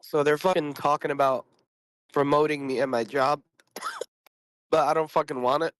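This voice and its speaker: A man who is sick and keeps clearing his throat, chatting bluntly and swearing a lot on a group voice call about trading and his job. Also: fairly high pitch, huge pitch swings, normal speed, fairly bright tone, no echo. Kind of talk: casual chat.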